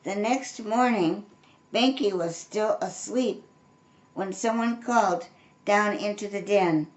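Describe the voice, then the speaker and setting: An older woman reading a storybook aloud, gentle and unhurried, with friendly asides to young listeners. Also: medium pitch. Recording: roomy echo.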